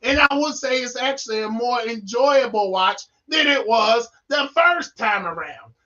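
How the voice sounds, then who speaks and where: A man's voice: very high voice, expressive, unhurried, pushed and bright, muffled recording. A man reviewing a film on a casual live stream, rambling with playful, goofy asides.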